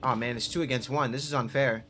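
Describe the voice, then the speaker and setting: A man's voice: medium pitch, steady tone, fast. A man commenting on his own gameplay as a streamer, frustrated and cursing at enemies while he plays. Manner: frustrated, swearing, talking to the game. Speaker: gaming streamer. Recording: game music loud behind voice. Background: game music.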